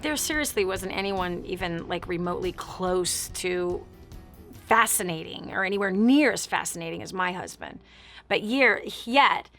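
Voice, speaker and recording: A woman's voice: on the low side, expressive, moderate pace, a bit bright, faint music behind. A middle-aged woman hosting a talk show, telling a personal story in an emphatic, candid way with repeated build-ups.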